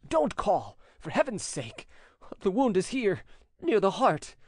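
A man's voice: huge pitch swings, slow, a little mellow, dry recording, studio quality, exaggerated voice. A man voicing an agitated French nobleman, emotional and pleading. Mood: frantic. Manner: emotional, pleading, high-strung.

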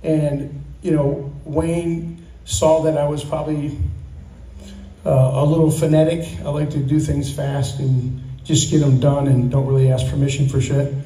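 A man in his sixties, slightly high-pitched with a mellow tone, gives a rambling retirement speech full of stories and chuckles. He is picked up from a distance in an echoey room with a faint hum of ambience. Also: little pitch movement, a little slow. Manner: rambling, storytelling, chuckling often. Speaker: retiree giving a farewell speech. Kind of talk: casual thank-you speech with anecdotes. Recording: echoey room, mic from afar.

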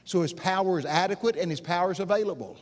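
A preacher with a fairly high voice delivers a sermon at a live conference. He is folksy and animated, dropping into hushed asides and then rising to loud exclamations. He keeps pulling the crowd in with direct questions. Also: fast. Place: live conference session before an audience.

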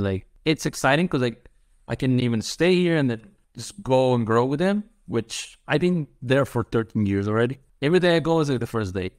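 An enthusiastic man talks about his pizza work, piling up clauses in loose, English. His voice sits at an ordinary pitch. The sound is dry and close. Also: no echo. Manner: eager, rambling, non-native phrasing. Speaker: pizza chef and guest. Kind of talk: casual interview answers.

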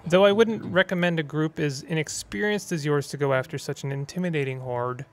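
A man's voice: fairly high pitch, brisk, lightly acted. A man doing a wry courtly caged sidekick. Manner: wry, courtly, self-amused. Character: charming theatrical male caged sidekick.

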